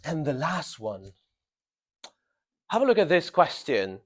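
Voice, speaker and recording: A man's voice: fairly high pitch, big pitch swings, slow pace. A man teaching a grammar lesson to a class in a classroom. He stresses and repeats key words and keeps checking in with the students. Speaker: English teacher.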